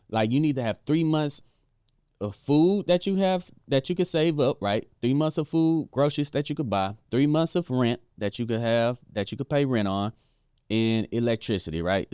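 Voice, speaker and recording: A man talks through layoff videos in a loose, repetitive commentary style, checking in with "right?" as he goes. His voice comes through smooth and clear, recorded dry and close. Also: medium pitch, darkish tone, no room sound. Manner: casual, repetitive, says "right?" often. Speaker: host. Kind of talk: reaction commentary.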